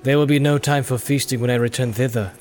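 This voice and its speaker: A stately old king who speaks in formal, measured tones, as a male narrator puts him on. He is gracious and unhurried. This is an audiobook voice. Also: medium pitch, steady tone, a little mellow, soft background music, natural voice.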